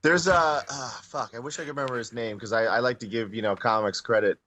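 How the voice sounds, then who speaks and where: A man's voice: medium pitch, fast, bright, forceful tone. A man co-hosting a casual live stream, retelling jokes loosely, with stumbling restarts. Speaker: co-host.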